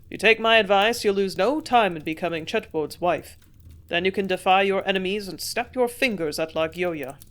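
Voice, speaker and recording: A woman voicing a scheming army major from an audiobook, speaking loud and brusque. He mocks and scolds in a forceful, impatient manner. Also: mid-range voice, normal speed, natural voice. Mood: mocking. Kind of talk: audiobook character reading.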